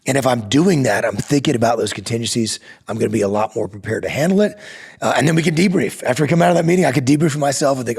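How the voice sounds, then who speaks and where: A middle-aged man talks through leadership lessons in an earnest, conversational podcast style, often restarting his sentences. His voice is gravelly with a rough, husky edge, at a medium pitch. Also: lively intonation, racing, darkish tone. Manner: earnest, explanatory, frequent restarts. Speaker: podcast co-host, leadership coach.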